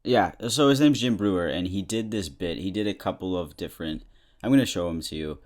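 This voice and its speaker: Low-voiced young man, chatty. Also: fairly quick, a little mellow. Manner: chatty, self-deprecating, laughs often. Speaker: podcast host. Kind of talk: casual comedic monologue.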